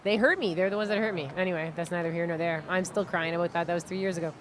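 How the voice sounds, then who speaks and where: A woman's voice: lowish voice, steady tone, racing, crowd noise. A woman from Canada with a Maritime accent doing live roller derby commentary, chatty and self-deprecating. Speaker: roller derby announcer and skater. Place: indoor arena.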